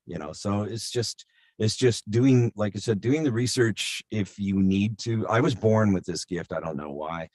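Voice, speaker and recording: Very deep-voiced man telling rambling stories. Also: a little fast, no room sound, clean studio sound. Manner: rambling, many fillers and restarts. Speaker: voice actor guest. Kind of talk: casual interview storytelling.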